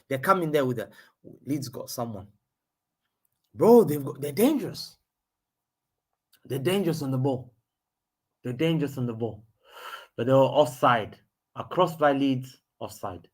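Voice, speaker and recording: A husky, excitable man gives live football watchalong commentary. His pitch swings widely as he jumps between play-by-play and slangy asides. He repeats phrases as the action unfolds. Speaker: fan host of a live match watchalong.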